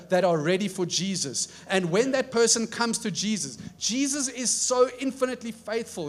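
An earnest male preacher delivers a sermon with emphasis and rhetorical questions. His voice sits fairly high for a man.

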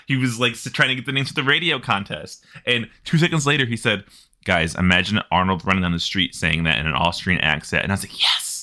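Podcast co-host, male, very bright tone, jokey and quick with asides. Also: lowish voice. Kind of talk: casual chat.

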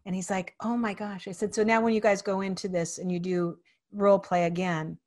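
A woman hosting an interview podcast, telling a lively anecdote and acting out the people in it. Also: fairly low pitch, brisk. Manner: animated storyteller, acts out quoted voices; frequent fillers and restarts. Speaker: podcast host. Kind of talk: casual interview chat.

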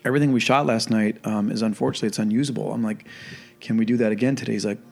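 A man hosting a podcast, a film director, telling animated anecdotes about a shoot and acting out the dialogue he quotes. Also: fairly low pitch, rapid-fire, gravelly, soft background music. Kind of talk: casual storytelling chat.

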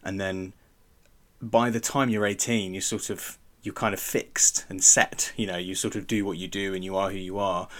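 Brief: man, lowish voice, rambling podcast co-host, trips over words, chuckles a lot. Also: level tone, moderate pace, fairly bright tone. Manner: rambling, self-correcting, chuckling often. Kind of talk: casual chat.

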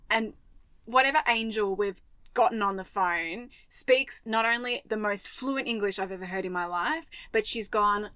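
A woman's voice: mid-range voice, normal speed, smooth, no echo. Australian woman telling a story, dry close mic. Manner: animated storyteller, acts out quoted voices. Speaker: podcast co-host. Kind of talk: casual chat, storytelling.

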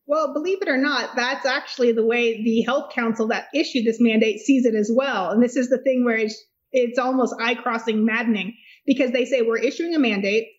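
A woman's voice: fairly high pitch, fairly even intonation, brisk. Emphatic woman attorney, muffled audio. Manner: emphatic, articulate, sardonic asides. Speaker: attorney guest. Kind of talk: legal discussion.

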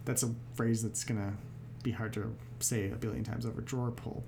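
A woman's voice: very deep voice, steady tone, a little fast, vocal fry, background noise. A woman co-hosting a podcast, chatting casually and joking around. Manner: joking, playful, trails off. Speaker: podcast co-host. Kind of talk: casual chat.

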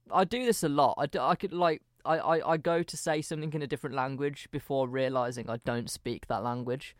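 A man with a Brummie accent co-hosting a casual podcast, self-deprecating and halting with restarts. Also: mid-range voice, fairly even intonation, no room sound, clean studio sound. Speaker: podcast co-host.

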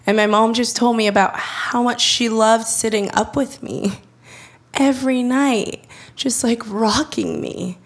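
A young woman telling a personal story in a chatty way, laughing often and acting out quoted lines in lively voices. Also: fairly high pitch, a little slow.

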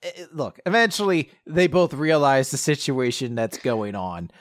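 A man's voice: mid-range voice, normal speed. A man co-hosting a casual chat, recapping a story chapter in a rambling way, laughing often and acting out the characters' lines. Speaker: podcast co-host.

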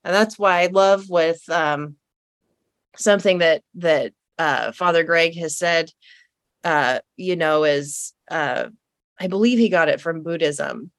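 A woman's voice: sits low, slow, dry recording, studio quality. A woman hosting a casual conversation, enthusiastic and affirming, leaning on "right?" and "you know". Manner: enthusiastic and affirming, with many fillers.

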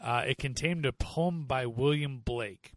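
A man co-hosting a casual movie review podcast, animated and fond of acting out scenes in put-on voices. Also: mid-range voice, a little slow, no echo. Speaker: podcast co-host.

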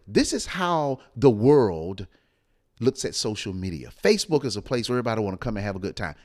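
A man co-hosting a late-night motivational live stream, with a smooth radio-style voice and a preacherly way of repeating phrases for emphasis. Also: mid-range voice.

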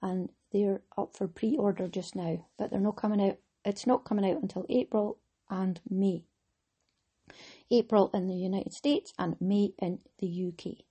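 A woman's voice: mid-range voice, measured pace, dark tone, slightly rough. A middle-aged Scottish woman hosting a knitting podcast, talking in a chatty, rambling way with frequent laughs. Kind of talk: casual chat.

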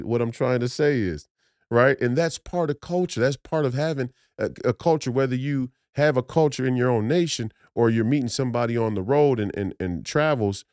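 A man's voice: on the high side, lively intonation, fairly quick, darkish tone, dry recording, clean studio sound. A man from Minnesota hosting a podcast, delivering an emphatic, preachy political monologue with many restarts and repeated phrases. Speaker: podcast host.

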